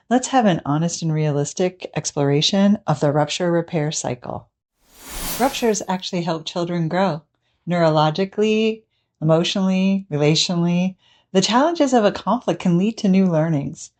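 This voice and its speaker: A woman therapist giving a calm, measured, scripted talk to parents. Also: lowish voice.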